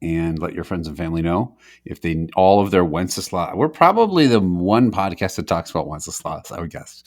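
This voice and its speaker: A man's voice: low-pitched, expressive, brisk, no room sound, clean studio sound. A man co-hosting a comedy podcast in casual chat, laughing often between his lines. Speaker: podcast co-host.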